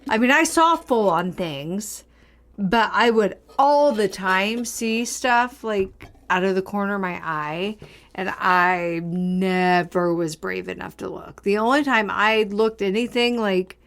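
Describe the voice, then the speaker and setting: A woman's voice: medium pitch, creaky, fairly bright tone. A woman co-hosting a casual podcast, chatting loosely about her own spooky childhood memories. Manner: conversational, drawn-out asides, reacts with disgust. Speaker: podcast co-host. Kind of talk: casual chat.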